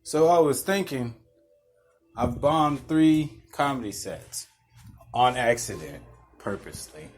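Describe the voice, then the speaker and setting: A man's voice: mid-range voice, lively intonation, slow, pauses often, soft background music. A young man hosting a podcast, telling a rambling, laid-back story with restarts and chuckles. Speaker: podcast host. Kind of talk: casual storytelling monologue.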